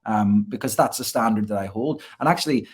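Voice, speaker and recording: A man's voice: lowish voice, brisk, slightly rough. A man, a gymnastics coach, talking earnestly as a guest in a casual interview, often repeating words as he restarts.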